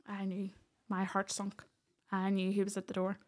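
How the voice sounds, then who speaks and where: A woman's voice: mid-range voice, monotone, moderate pace. Earnest woman telling her story. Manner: earnest, acts out what others said. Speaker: podcast guest. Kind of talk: personal storytelling in conversation.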